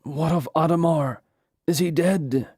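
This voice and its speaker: Brief: subdued, weary young king, read by a man, slow and mellow. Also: on the high side, breathy edge, no room sound, clean studio sound, voice pushed up. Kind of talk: audiobook character voice.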